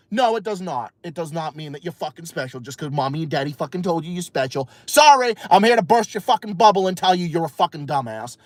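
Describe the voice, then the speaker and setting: A man hosting a podcast, giving a heated, profane, rambling rant from inside his car in the dark. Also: fairly high pitch, expressive, fast, hardly any pauses, no room sound. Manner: heated, swearing, rambling with restarts. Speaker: podcast host. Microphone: phone livestream.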